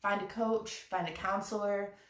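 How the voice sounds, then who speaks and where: A woman's voice: medium pitch, steady tone, normal speed, far from the mic. A woman hosting a live-streamed spiritual challenge, talking to her viewers in an earnest, encouraging way. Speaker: chakra challenge host. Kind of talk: live-stream motivational talk. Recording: echoey room, away from the mic.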